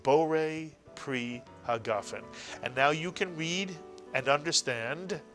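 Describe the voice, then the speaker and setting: A man's voice: on the high side, slow, a bit bright, soft background music. A man teaching a recorded language lesson, patiently sounding out letters and syllables one at a time. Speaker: Hebrew teacher.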